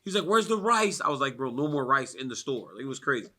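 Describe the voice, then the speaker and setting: Speaking fast in a mid-range voice, a man from the United States spins casual stories at a fight media day. He's animated, laughs a lot, and leans heavily on "like" as a filler.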